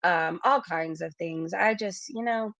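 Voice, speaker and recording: A woman's voice: fairly low pitch, measured pace, a bit bright, no echo, lo-fi sound. A woman in her forties hosting a casual livestream. She chats, reads viewer messages aloud and often laughs at herself. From Canada. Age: 40s. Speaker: YouTube livestream host.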